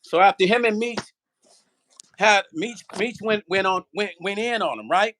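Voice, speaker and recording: A man on his own channel, ranting with a high-pitched voice. His tone is bright and edgy, full of curses and repeated questions. He talks straight to the viewers about someone who wronged him. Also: normal speed, slight background noise. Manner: profane, repetitive, rhetorical. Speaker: vlogger; musician. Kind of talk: heated casual rant.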